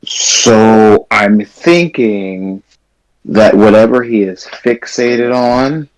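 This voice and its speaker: A man answering as a guest in a deadpan, curt way. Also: fairly low pitch, low-quality recording. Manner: slow, deadpan, curt replies. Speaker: guest manager on press conference.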